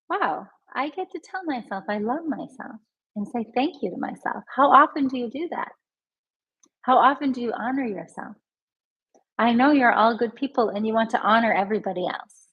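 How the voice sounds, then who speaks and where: Breathy woman coaching emotional healing. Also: a little high, lo-fi sound. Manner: gentle, repeats healing phrases slowly; talks straight to viewers, reads their comments aloud. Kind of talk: live online healing lesson.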